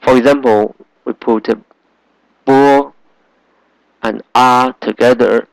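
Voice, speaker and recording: A man gives a slow, careful language lesson. He speaks at an unhurried pace and patiently repeats each sound for his learners. His voice sits in a middle pitch and is recorded dry and close. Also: no echo, poor audio. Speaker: Chinese language teacher.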